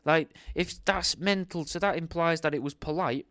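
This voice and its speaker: A man's voice: on the high side, normal speed, fairly bright tone, no room sound, studio quality. A young man reading an old etiquette book aloud, breaking off into rambling, sweary, sarcastic commentary.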